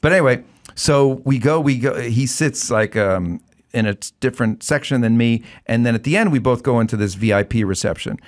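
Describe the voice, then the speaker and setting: A male comedian guest on a talk show, telling stories in casual chat with animated delivery and quick asides. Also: medium pitch.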